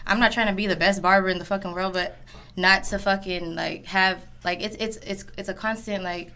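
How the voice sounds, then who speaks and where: A woman's voice: medium pitch, steady tone, brisk, sharp tone, clear, resonant tone. A young woman barber chatting casually, slangy and swearing freely. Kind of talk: casual chat.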